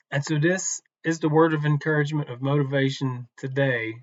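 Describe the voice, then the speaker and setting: A man teaching from the Bible in a relaxed, conversational devotional talk, unhurried and with some restarts. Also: on the high side, no room sound, muffled recording.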